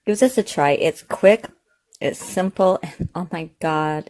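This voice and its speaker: Speaking slowly in a low, darkish voice with lively intonation, a woman hosts a kitchen cooking vlog. She chats casually and rambles, with many fillers, restarts and self-corrections.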